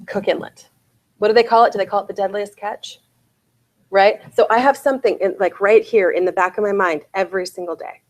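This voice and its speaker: A woman in her forties giving a real estate sales bootcamp talk, often asking her audience "right?" and "okay?". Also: mid-range voice.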